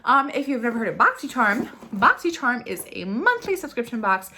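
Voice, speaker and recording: A young woman vlogging a beauty unboxing, gushing and tearful with excitement, talking straight to the camera. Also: a little high, a little fast, slight background noise.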